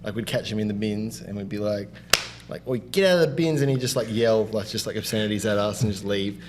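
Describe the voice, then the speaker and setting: A man on a hospitality podcast, telling work stories in a casual, animated way, laughing and swearing freely. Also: fairly low pitch, fairly quick, background noise. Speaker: podcast co-host. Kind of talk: casual storytelling.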